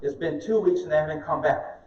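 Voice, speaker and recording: A high-voiced man tells animated stories and jokes with an audience during a live meetup talk. He sounds distant and muffled, picked up across an echoey meeting room. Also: fairly quick. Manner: animated storyteller, joking with the audience. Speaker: speaker at an investor meetup.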